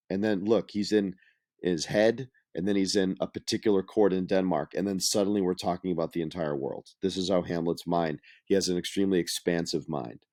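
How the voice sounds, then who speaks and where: A man lecturing on a play, explaining slowly and reading quoted lines aloud with emphasis. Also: sits low, steady tone, a little mellow. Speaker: teacher. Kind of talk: literature lecture.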